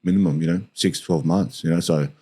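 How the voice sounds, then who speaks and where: An Australian man with a very deep voice hosts a podcast. He talks quickly, rambling through his points in a loose, conversational flow. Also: steady tone, dark tone, breathy edge. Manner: rambling, lots of "you know" fillers. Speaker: podcast host. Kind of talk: casual interview chat.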